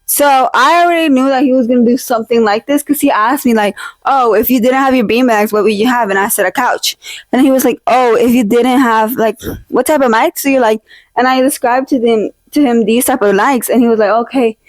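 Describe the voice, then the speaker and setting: A woman's voice: a little high, brisk, no echo. A young woman vlogging from her decorated room at home, chatting casually into a close desk mic, rambling and jokey, full of fillers and teasing fake-outs. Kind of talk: casual chat. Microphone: own desk mic, held close.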